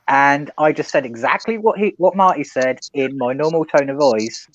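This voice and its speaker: A man's voice: on the high side, unhurried, hardly any pauses, no echo. Easygoing man telling a story, dry sound. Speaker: guest. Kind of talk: casual group chat, telling an anecdote. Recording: dry, dull lo-fi stream audio.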